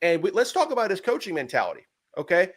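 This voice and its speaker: A young man with a drawl rants through a sports podcast, fired up and mocking as he builds his case. His voice sits high for a man and keeps climbing as he gets going. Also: wildly swooping pitch, quick pace. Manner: fired-up, ranting, mocking impressions. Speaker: podcast co-host. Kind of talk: heated sports podcast rant.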